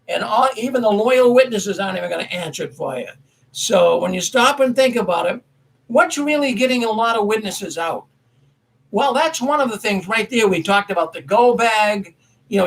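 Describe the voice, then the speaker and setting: A man's voice: sits high, gravelly, a bit bright, low-quality recording. A man hosting a casual commentary show, telling a story in a rambling, folksy way and correcting himself as he goes. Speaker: commentary host.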